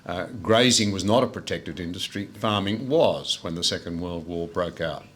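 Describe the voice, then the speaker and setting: A man's voice: sits low, normal speed, fairly bright tone. An older Australian man giving a speech at a book launch to a room of listeners, telling anecdotes with frequent "uh" fillers. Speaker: guest speaker. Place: room with a live audience.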